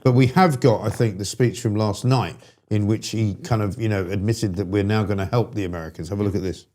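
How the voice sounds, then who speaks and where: A man's voice: fairly low pitch, fairly even intonation, a little fast, dark tone. A man hosting a political talk show, chatting loosely and reading out viewer comments.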